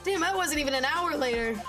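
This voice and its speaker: A young woman streaming a game talks casually in a high voice, swearing freely and laughing in disbelief. Game music plays clearly in the background. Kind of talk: casual gaming stream chat.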